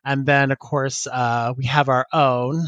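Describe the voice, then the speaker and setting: A man's voice: medium pitch, flat delivery, a little slow, fairly bright tone, no room sound, muffled recording. A man co-hosting a casual podcast, who laughs often and rambles while he reads listener emails and chats. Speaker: podcast co-host.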